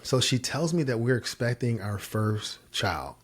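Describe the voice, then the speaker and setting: A man in his forties, a podcast guest telling his own story and jumping high in pitch when he acts out his past self. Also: a little slow, breathy edge. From Virginia, US. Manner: animated storyteller, jumps high when quoting himself. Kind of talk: storytelling interview answers.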